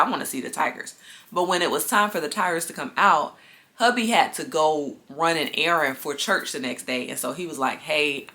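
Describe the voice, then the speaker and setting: Woman vlogger, somewhat low and bright voice, chatty, casual storytime delivery to viewers. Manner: chatty, addresses viewers as y'all. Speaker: lifestyle vlogger.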